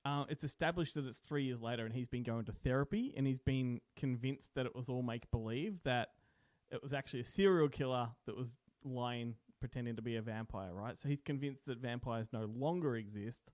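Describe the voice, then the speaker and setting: A man's voice: mid-range voice, fairly quick, a little mellow, no echo, clean studio sound. A man hosting a podcast, chatting casually about movies and laughing often. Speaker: podcast host.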